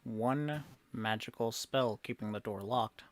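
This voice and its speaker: A man runs a tabletop game as dungeon master, narrating and giving rulings calmly. His voice is mid-pitched and the recording is dry and close. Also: a little slow, no echo.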